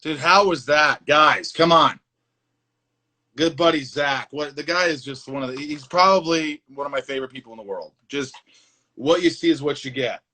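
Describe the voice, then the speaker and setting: A man hosting a casual chat on a live video call from his phone, excitable and acting out movie scenes. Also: fairly high pitch, normal speed. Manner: excitable, acts out movie scenes in shouted bursts. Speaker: livestream host.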